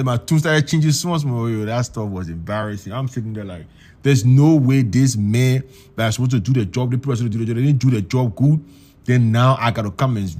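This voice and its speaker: A young man telling a story in a casual, animated way, repeating words and acting out the voices of the people in it. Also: medium pitch. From Liberia.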